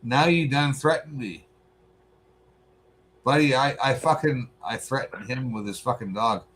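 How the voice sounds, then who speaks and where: Profane, animated man. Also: medium pitch, a little slow, slight background noise. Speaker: podcast co-host. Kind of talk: casual chat.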